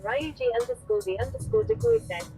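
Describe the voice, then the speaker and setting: A woman's voice: very high voice, very animated, fairly quick, gravelly, dark tone, faint music behind, rough recording. A text-to-speech woman's voice reading out viewer chat messages.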